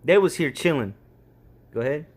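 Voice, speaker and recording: A man's voice: fairly high pitch, lively intonation, normal speed, darkish tone, husky. A man giving loose, slangy commentary on scripture verses, ending his sentences with "man.". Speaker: street preacher.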